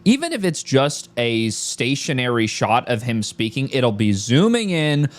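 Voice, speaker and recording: A man's voice: mid-range voice, very animated, unhurried. A man hosting a commentary video, ranting in a sarcastic, profane and scornful way. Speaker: commentary host reacting to clips.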